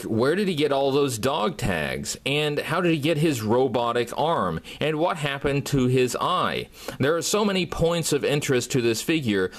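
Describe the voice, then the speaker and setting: A man narrating a toy review in a measured, earnest way. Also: medium pitch.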